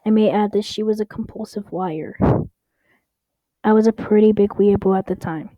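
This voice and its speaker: Young woman host reading internet stories aloud, casual and wry, stumbles and restarts often; mellow, flat delivery, dry close sound. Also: medium pitch, moderate pace, dry recording, muffled recording. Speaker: story reader.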